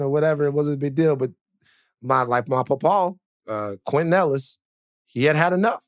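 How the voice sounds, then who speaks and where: A man's voice: fairly high pitch, lively intonation, normal speed, no echo, clean studio sound. A man co-hosting a podcast, telling stories in loose, rambling casual chat, laughing and swearing freely. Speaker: podcast co-host. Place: studio.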